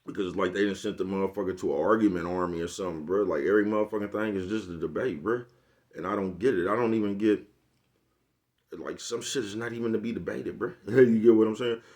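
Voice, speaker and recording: A man's voice: on the low side, quick pace, a little mellow. A man vlogging a casual comedic rant to camera, laughing often and leaning on slangy, profane street talk with a repeated catchphrase. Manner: laughs often, repeats "you know what I'm talking about".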